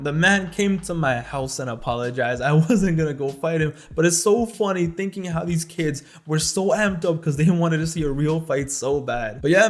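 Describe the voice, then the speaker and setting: A young man casually telling a funny storytime to camera, jokey and full of slang, acting out the people in his tale. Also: on the high side. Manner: animated, jokey, slangy retelling with quoted voices. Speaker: storytelling vlogger.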